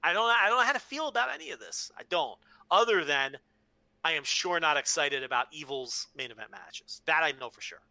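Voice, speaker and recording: Male co-host, bright and sharp, dry close sound, excitable storyteller who swears a lot. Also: a little high, fairly quick, no room sound. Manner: excited, swears freely, retells with exclamations. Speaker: podcast co-host. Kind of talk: casual chat.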